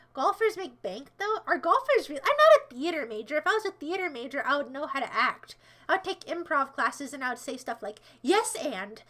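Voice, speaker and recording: A woman livestreamer chatting casually with her viewers in a playful, rambling way, teasing and mock-defending herself. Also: sits high. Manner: bursts into shouted mock-villain commands. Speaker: livestreamer answering chat.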